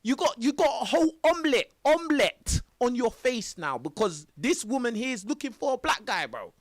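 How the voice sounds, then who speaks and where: High, lively young streamer. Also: male voice, normal speed, no room sound, studio quality. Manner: laughing, exclamatory, heavy slang. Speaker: live streamer reacting to clips. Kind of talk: excited reaction commentary.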